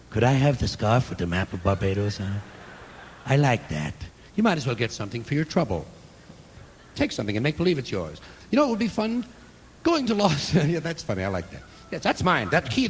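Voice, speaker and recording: A man's voice: medium pitch, a bit bright. A man doing a stand-up comedy routine, telling a story sardonically and acting out both sides of the dialogue. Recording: live recording with long hall reverb and faint noise.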